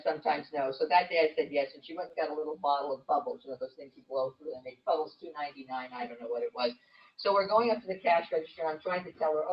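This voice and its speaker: An older woman, a grandmother, telling a chatty, self-mocking story to a meeting audience. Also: low voice. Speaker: guest speaker. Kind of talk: humorous anecdote at a meeting. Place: meeting hall. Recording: distant echoey room, muffled.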